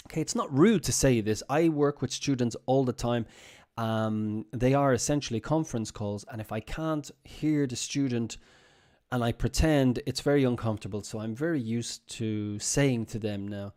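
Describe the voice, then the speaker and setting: A man teaching English on a live stream in a chatty way, repeating example phrases slowly for his students. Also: on the low side, a little mellow.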